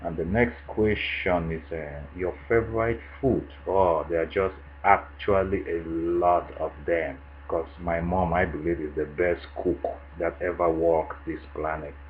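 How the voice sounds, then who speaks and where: A man with a Cameroonian English accent, casually answering questions in a vlog, relaxed and chatty with frequent fillers. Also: deep voice, unhurried, few pauses, narrow, tinny audio, slight background noise. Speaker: vlogger answering a tag. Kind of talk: casual monologue.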